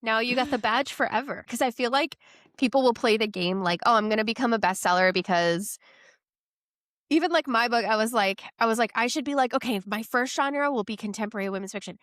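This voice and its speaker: A woman's voice: fairly high pitch, fairly quick, a bit bright, no echo, studio quality. A woman hosting a podcast in a chatty, upbeat way, full of casual fillers. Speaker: podcast host.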